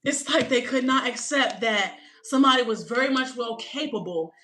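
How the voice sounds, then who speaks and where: A woman doing a tarot reading in a casual, animated way, talking in blunt slang and throwing out rhetorical questions. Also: fairly high pitch, moderate pace, rough recording. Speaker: tarot reader.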